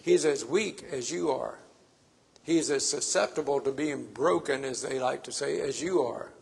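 A man's voice: medium pitch, normal speed, gravelly, a little mellow, breathy edge. A man preaching a sermon, stressing his points by repeating phrases.

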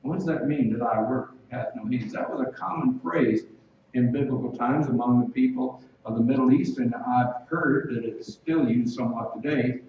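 A man's voice: mid-range voice, moderate pace, slight background noise. A man preaching an expository sermon in a conversational way, asking his listeners direct questions. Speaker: pastor. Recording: echoey distant, dull sound.

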